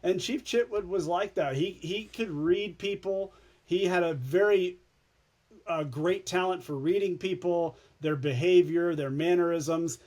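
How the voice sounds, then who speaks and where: A former TV news anchor, a man, telling stories as a podcast guest in an animated way, often restarting his words. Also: high-pitched, unhurried. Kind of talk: casual storytelling chat.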